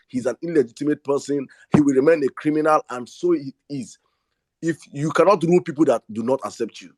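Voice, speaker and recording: A Nigerian-accented man hosts a live online audio space, giving a rallying talk with real passion. He often repeats words, restarts sentences, and slips into Pidgin, and his mid-range voice is recorded dry with clean studio sound.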